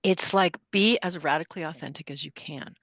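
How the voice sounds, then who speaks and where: A woman in her sixties, a guest astrologer speaking in a measured, reflective way in a podcast interview. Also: deep voice, fairly bright tone, no echo, muffled recording.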